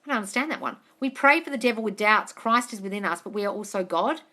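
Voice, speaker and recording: A woman's voice: mid-range voice, lively intonation, quick pace, bright, forceful tone. An Australian woman coaching on a live stream, reading viewer comments and answering them bluntly with plenty of swearing and calls of darling.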